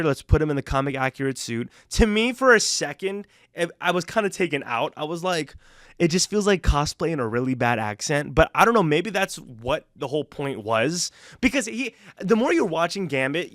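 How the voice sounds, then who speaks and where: A man's voice: on the high side, clean tone, no room sound, studio quality. A young man giving a casual, rambling movie review, enthusiastic and full of fillers and restarts.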